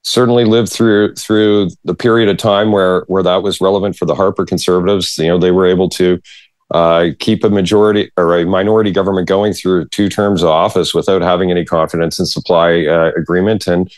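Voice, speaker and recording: Deep-voiced man on a podcast panel. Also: flat delivery, fairly quick, no echo. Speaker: political panelist. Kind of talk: casual podcast discussion.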